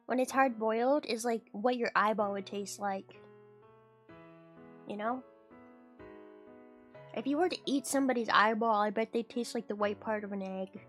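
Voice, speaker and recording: A woman streamer chatting casually with her viewers, rambling and giggly. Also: fairly high pitch. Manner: rambling, giggly, talks to chat. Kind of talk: casual livestream chat.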